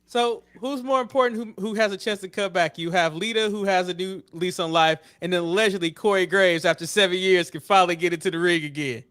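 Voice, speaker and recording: A high-voiced American man hosts a casual podcast chat, steering his co-hosts with questions. He is loose and chatty and swears now and then. The recording is dry and close. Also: a little fast, few pauses, fairly bright tone, clean tone, dry recording. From United States. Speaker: podcast host.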